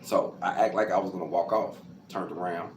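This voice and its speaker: A man recounts his own life in a loose, conversational monologue, often addressing his listeners as "y'all." His voice sits a little low. The room is echoey, with faint background noise. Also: brisk. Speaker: storyteller telling his own life story. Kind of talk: personal storytelling monologue.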